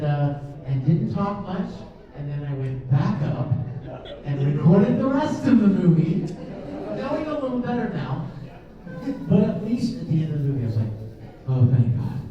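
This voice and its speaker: A man who voices cartoon roles answers fan questions at a convention panel, telling stories in a chatty way and laughing often. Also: high voice. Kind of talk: animated storytelling in a Q&A. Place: large convention panel room with an audience. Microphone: filmed from a camera in the audience. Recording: echoey hall recorded from far off, dull sound.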